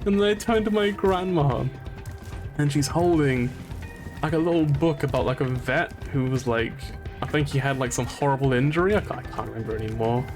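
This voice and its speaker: A man's voice: mid-range voice, brisk, over music. A man from England streaming a video game, rambling through stories and laughing often. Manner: rambling and animated, laughs often, many restarts. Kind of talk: casual gaming commentary.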